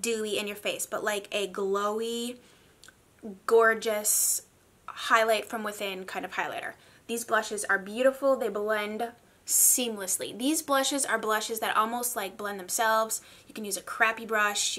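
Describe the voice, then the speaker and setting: A woman talking in a casual makeup review vlog, chatty and gushing, with animated asides. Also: medium pitch. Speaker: beauty vlogger.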